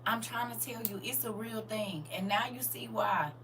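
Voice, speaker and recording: A woman hosting a casual livestream, reading viewer comments aloud in a lively, colloquial way, laughing often and speaking straight to her audience. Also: mid-range voice, moderate pace, noisy background. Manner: colloquial, with church-style encouragement. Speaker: livestream host.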